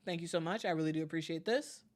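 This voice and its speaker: A woman's voice: deep voice, quick pace. A woman hosting a live stream, chatting casually with viewers, full of fillers and repeated words, upbeat when she thanks people. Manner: friendly, upbeat when reading viewer messages.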